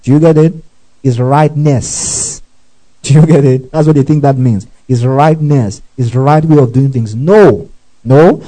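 Dark-voiced male preacher teaching. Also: on the high side, rough recording. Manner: teaching, checks listeners often; reads scripture aloud with asides. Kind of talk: sermon.

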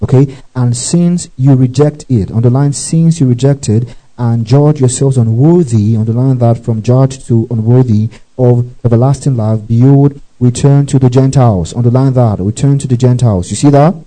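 A man's voice: mid-range voice, normal speed, hardly any pauses, mellow, low-quality recording. A man preaching a teaching sermon, reading scripture with asides, often asking if listeners follow and breaking into praise exclamations. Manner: reads scripture aloud with asides.

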